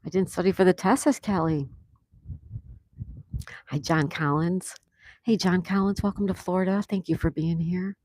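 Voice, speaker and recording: A woman's voice: fairly low pitch, normal speed, long pauses. A woman hosting a casual outdoor live stream, reading viewer comments aloud and chatting back to them. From USA. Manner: reads viewer comments aloud and chats warmly. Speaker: livestream host.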